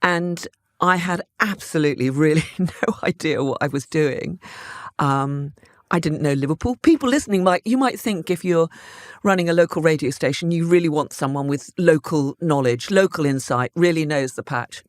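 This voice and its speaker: A woman in her fifties or older, a former news correspondent, telling stories from her career in a conversational interview, animated and laughing often, with many restarts. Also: sits low, normal speed, no room sound, studio quality.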